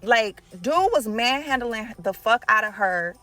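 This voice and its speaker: A woman telling a story in a casual storytime vlog, animated and profane, acting out the people she quotes. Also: fairly high pitch, unhurried, soft background music. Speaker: nail art vlogger telling a story.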